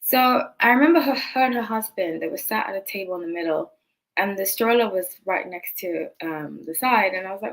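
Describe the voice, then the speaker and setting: A woman with a mid-range voice talks a little fast on a low-quality recording. She hosts a tarot channel and tells a personal story to camera, rambling casually with many asides and self-corrections. Her accent is non-local, and others notice it.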